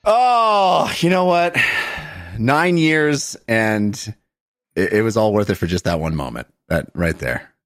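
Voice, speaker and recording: A man's voice: lowish voice, lively intonation, a bit bright. A man co-hosting a casual podcast chat, joking and drawing out dramatic announcements. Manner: playful, drawn-out dramatic announcements. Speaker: podcast co-host.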